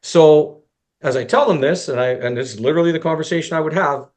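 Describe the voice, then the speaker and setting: A man's voice: a little high, a little fast. A man giving a conversational presentation to fellow golf instructors. He tells a long self-deprecating story, acts out both sides of the dialogue, and often restarts his sentences.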